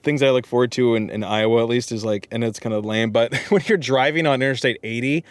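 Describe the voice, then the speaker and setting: A man hosting a podcast, telling travel stories in a relaxed, chuckling, casual way. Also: mid-range voice, fast talker, clean tone, dry recording. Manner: laid-back, chuckling storyteller. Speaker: podcast host. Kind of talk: casual chat. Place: hotel room on the road.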